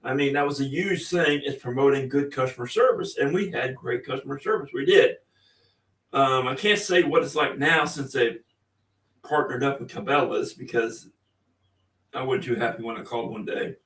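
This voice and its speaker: A man's voice: medium pitch, normal speed, fairly bright tone, recorded from a distance. A middle-aged man hosting a podcast in a folksy, rambling, chatty way. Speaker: podcast host. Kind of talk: casual podcast monologue. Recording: echoey room, off-mic.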